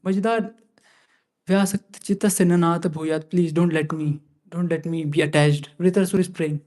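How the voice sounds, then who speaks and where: A man leading a scripture class, chanting Sanskrit verses slowly and then explaining them casually with many fillers. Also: fairly high pitch, fairly even intonation, a little mellow. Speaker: class speaker.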